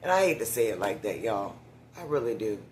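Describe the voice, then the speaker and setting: A man's voice: fairly low pitch, big pitch swings, a little fast, darkish tone, slight background noise. A man in a casual vlog monologue, chatting directly to viewers with frequent whispered asides and getting short of breath when he talks for long.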